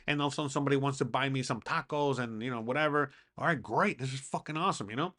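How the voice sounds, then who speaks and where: A man's voice: a little high, very fast, hardly any pauses, bright, forceful tone. A man hosting his own show, talking in a casual, rambling monologue full of swearing and fillers. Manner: profane, rambling, with frequent fillers. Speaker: podcast host.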